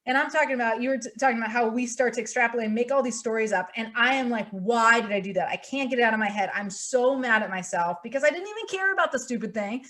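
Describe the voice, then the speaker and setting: Brief: young woman podcast host, high-pitched, animated chatty storyteller. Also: fast, few pauses. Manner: animated storytelling, acts out her own thoughts. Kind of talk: casual chat.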